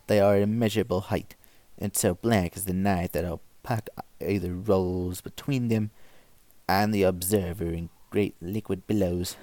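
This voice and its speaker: A man reading old stories aloud with measured, even narration. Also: on the low side, no room sound. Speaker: story reader.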